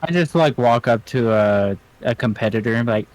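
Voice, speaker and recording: A man's voice: mid-range voice, a little fast, hardly any pauses, a little mellow, no room sound, poor audio. A man chatting casually as a player in a tabletop game, with a wry, playful tone.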